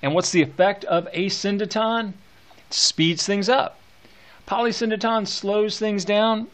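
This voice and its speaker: A man's voice: sits high, steady tone, a little slow. Eager man teaching poetry. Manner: enthusiastic, reads verse aloud with relish. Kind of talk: lecture on poetry.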